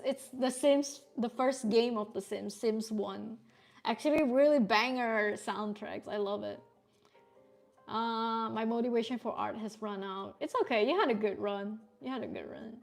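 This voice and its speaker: A woman's voice: fairly high pitch, gravelly, fairly bright tone. Laid-back young woman chatting while drawing. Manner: laid-back, chatty, swears and laughs often. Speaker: artist streamer. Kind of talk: casual live-stream chat while drawing.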